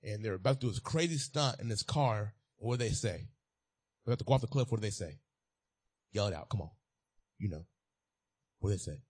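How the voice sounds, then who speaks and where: A man's voice: lowish voice, animated, fairly quick, pauses often, a little mellow, slightly rough. A man preaching a sermon as a pastor, repeating key phrases and building to emphatic peaks.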